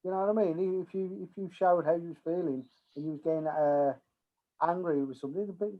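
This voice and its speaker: A man's voice: high voice, fairly quick. A man, a scaffolder, chatting candidly as a guest and laughing between phrases. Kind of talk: casual chat. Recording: tinny phone-like sound.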